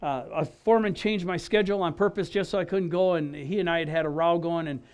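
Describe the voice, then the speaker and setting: A man from Wisconsin giving his personal testimony in an animated storytelling style, acting out dialogue and restarting his phrases often. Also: fairly high pitch, quick pace, clear, resonant tone. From Wisconsin, USA.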